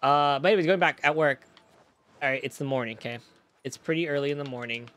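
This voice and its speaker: A man's voice: fairly high pitch, quick pace, fairly bright tone. A man streaming live, chatting casually and rambling. He swears freely and breaks off to react to chat. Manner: rambling, profane, reacting to chat mid-story.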